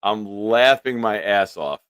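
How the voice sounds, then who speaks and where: A man with a low-pitched voice hosts a casual sports livestream. His sound is dry and close to the mic, and his talk is loose, profane, and quick to laugh. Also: expressive, a bit bright, smooth, no room sound. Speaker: livestream sports show host. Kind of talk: casual live-stream chat, reading viewer comments.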